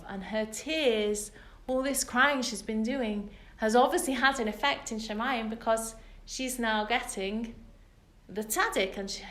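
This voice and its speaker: A woman's voice: mid-range voice, a bit bright. A British woman giving a women's Torah class, telling the story earnestly and with emphasis to a live group. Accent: British English. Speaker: religious teacher. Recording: echoey room.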